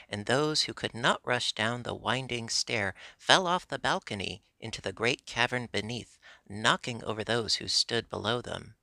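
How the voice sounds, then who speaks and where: Gravelly, bright-voiced male storyteller. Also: mid-range voice, no room sound. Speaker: audiobook narrator. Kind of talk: storybook reading.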